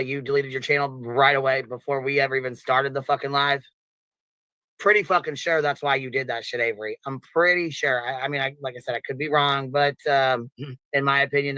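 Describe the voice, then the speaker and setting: A man's voice: medium pitch, bright, forceful tone, clear, resonant tone, dry recording, rough recording. A man on a livestream panel, accusing someone in a profane way while hedging his opinions. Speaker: panel guest. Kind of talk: heated livestream chat.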